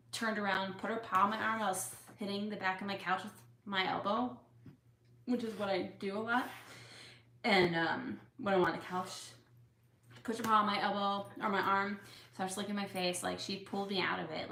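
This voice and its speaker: A young woman with tics sits in a home room with a couch, casually answering her viewers' questions in a chatty, openly emotional way full of fillers. Her voice is medium-pitched and a bit bright, and the room sounds echoey.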